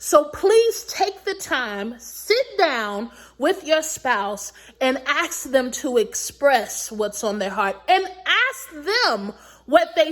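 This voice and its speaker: Slow, emphatic high-voiced woman giving advice. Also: fairly bright tone. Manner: emphatic, preachy, repeats points slowly for emphasis. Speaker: recap vlogger. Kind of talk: advice-giving recap commentary.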